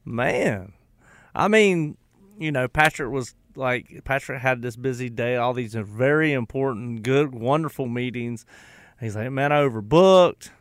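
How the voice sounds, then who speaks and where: A man's voice: medium pitch, a little slow, a bit bright, no echo. A man hosts a radio show from a studio, talking in a loose, joking way and often breaking off mid-sentence. His mid-range voice sits close and dry on the studio mic. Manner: joking, rambling, self-interrupting. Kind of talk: casual radio chat.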